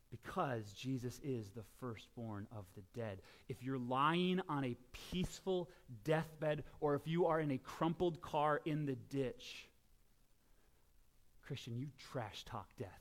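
A middle-aged man preaching a sermon as pastor, swinging between quiet asides and loud, emphatic shouts. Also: on the high side.

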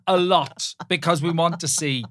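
A man's voice: fairly high pitch, fairly even intonation, normal speed, a bit bright, dry recording, studio quality. A man co-hosting a podcast, telling stories in casual chat, teasing and often restarting his sentences. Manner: teasing storyteller, many restarts. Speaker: podcast co-host.

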